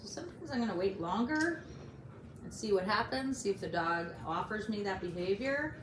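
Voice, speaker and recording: A woman's voice: expressive, normal speed. A woman dog trainer explaining each step of a training session while coaxing a puppy. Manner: explains steps while coaxing a puppy, jumping to high praise. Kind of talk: instructional training demonstration. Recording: roomy and noisy.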